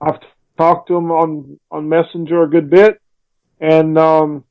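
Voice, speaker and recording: A man co-hosting a podcast, chatting in an easygoing, halting way with many fillers. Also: a little high, level tone. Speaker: podcast co-host. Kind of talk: casual podcast chat. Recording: dull lo-fi remote line.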